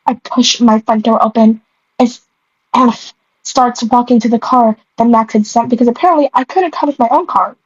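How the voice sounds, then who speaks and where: A young woman with a slightly high, slightly rough voice reads one of her old stories at a normal speed, stumbling over the words. She keeps stopping for self-mocking comic asides and falls into giggles. The recording is dull, dry, and lo-fi.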